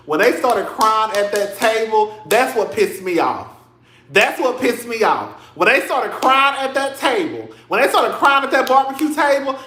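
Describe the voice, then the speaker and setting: A man's voice: high-pitched, pushed and bright, roomy sound. A man casually commenting on a reality show, sassy and dramatic, laughing often and calling his listeners girl.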